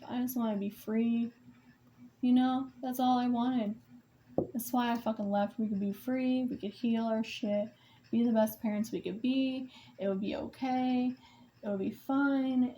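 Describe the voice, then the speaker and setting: A woman's voice: on the high side, mellow, slight background noise. A young mother venting about co-parenting in a casual vlog, emotional and rambling, swearing often and restarting her sentences, while she paints.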